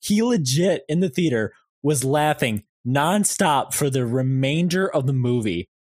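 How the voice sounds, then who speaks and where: A man's voice: medium pitch, lively intonation, a little slow, darkish tone, dry recording. A young man with a mid-range voice talks casually about films, laughing through his stories. He rambles, swears easily, and gets carried away with anecdotes. His voice sounds dry and close to the mic. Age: young adult. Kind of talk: casual movie chat.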